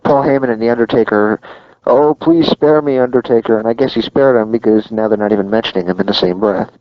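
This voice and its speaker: A man's voice: lowish voice, fairly even intonation, quick pace, dry recording. A man chatting casually about wrestling, emphatic and opinionated. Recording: dull lo-fi sound, dry.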